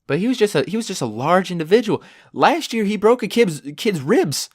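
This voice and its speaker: A young man hosting a podcast and telling stories in a rambling, sarcastic way, with lots of fillers, and his pitch jumps when he gets worked up. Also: sing-song, a little fast, husky, dry recording, studio quality. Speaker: podcast host. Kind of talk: casual solo storytelling.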